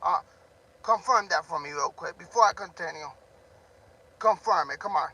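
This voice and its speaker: A man ranting loudly on a live stream, talking straight to a viewer, amped up and always yelling. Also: on the high side, moderate pace, creaky, breathy edge, rough recording.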